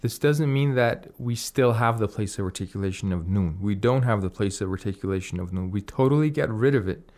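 A man's voice: lowish voice, fairly quick, hardly any pauses, a little mellow. A man patiently explaining Arabic pronunciation rules on a radio lesson, reciting short Arabic phrases as examples. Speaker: Quran recitation teacher.

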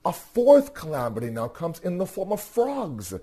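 Guy teaching a story to a class, mellow husky voice, lots of what? questions. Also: a little high, moderate pace. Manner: animated, rhetorical questions, repeats words. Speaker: religious teacher. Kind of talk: storytelling lecture.

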